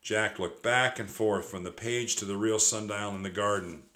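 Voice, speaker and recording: A man narrating a children's audiobook with a steady, expressive read-aloud delivery. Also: on the low side, moderate pace.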